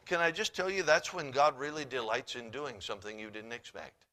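A man preaching a sermon, reading scripture in old-fashioned wording and swinging between hushed, quiet passages and loud, emphatic ones. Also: medium pitch, fairly even intonation, brisk. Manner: reads scripture in King James wording.

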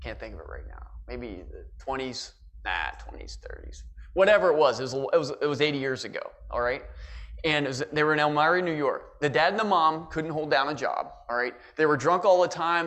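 A man's voice: a little high, fairly bright tone. A middle-aged male pastor preaching a fervent sermon in church, with repeated asides like "all right?" and "listen".

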